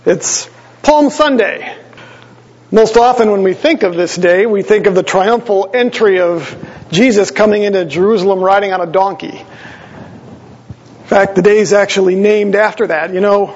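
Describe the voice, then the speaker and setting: Male pastor, husky high voice, conversational sermon, dull recording with long reverb. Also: measured pace. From Wisconsin. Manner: conversational, explanatory, with small asides to the congregation.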